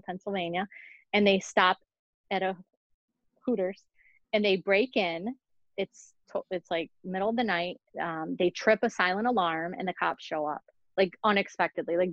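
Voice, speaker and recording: A woman's voice: lowish voice, fairly even intonation, moderate pace, no echo. Woman podcast host, chatty and giggly, kinda muffled lo-fi mic. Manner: chatty, many fillers and giggles. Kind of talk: casual true-crime chat.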